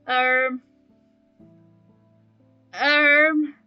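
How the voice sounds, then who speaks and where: A woman's voice: sits high, little pitch movement, very slow, lo-fi sound. A young woman from Germany with a German accent, chatting casually and rambling to her chat while she plays. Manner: rambling, self-mocking, talks to chat. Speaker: streamer. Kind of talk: casual live-stream chat while gaming. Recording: streaming mic with faint game music behind.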